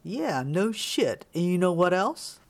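A man voicing a tall, dim-witted longshoreman who talks in blunt, gruff street talk. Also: fairly high pitch, expressive, moderate pace. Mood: menacing.

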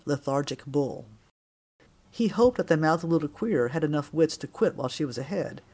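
A man narrating an audiobook with a wry, expressive storytelling manner. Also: on the high side.

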